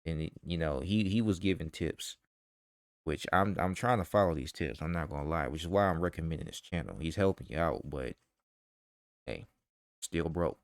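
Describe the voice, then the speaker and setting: A very low-voiced man, ranting in a vlog commentary. He talks in a heated, profane way and keeps firing rhetorical questions. The sound is dry and close, with no room echo. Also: moderate pace. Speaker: vlogger.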